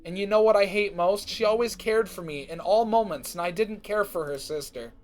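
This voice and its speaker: A man's voice: high-pitched, brisk, soft background music, close to an everyday voice. A man voicing a proud, blunt young female pony who hides her feelings. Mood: pleading. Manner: curt and blunt.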